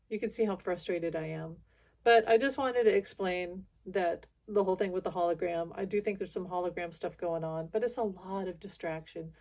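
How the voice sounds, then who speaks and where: Woman vlogging to her viewers, kinda low voice, rambly and frustrated, keeps restarting. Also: a little mellow. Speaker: spiritual video channel host. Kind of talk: casual monologue to viewers.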